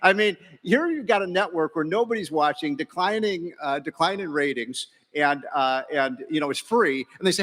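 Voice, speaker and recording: Keynote: middle-aged male economist, bright forceful voice, folksy joking delivery, big reverberant hall. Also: a little high, lively intonation, normal speed. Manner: folksy, joking, many fillers and restarts. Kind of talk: after-breakfast speech with jokes. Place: large banquet hall.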